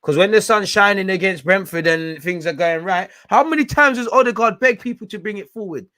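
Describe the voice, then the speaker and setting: A young man reacts live to a football match on his stream, barking orders at the players. His voice sits a little high, and he swings between muttered frustration and loud, slangy outbursts. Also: a little fast, no room sound, studio quality.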